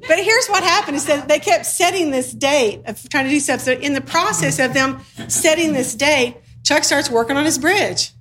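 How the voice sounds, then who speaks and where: A woman's voice: high voice, normal speed, few pauses, a bit bright. A woman preaching a sermon in a conversational, humorous way, acting out little dialogues as she teaches.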